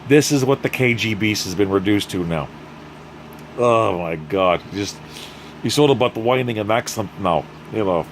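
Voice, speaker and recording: A man's voice: fairly low pitch, slight background noise. A man recapping a TV episode in a casual comedy style, with profane, sarcastic ranting. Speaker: YouTube show reviewer.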